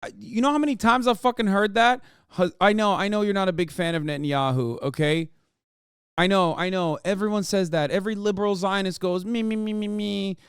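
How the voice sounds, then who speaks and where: A man's voice: sits high, fairly quick, smooth, no echo, clean studio sound. A man streaming his reaction to a video, ranting heatedly and profanely, often mocking others in put-on voices. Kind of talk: heated livestream rant.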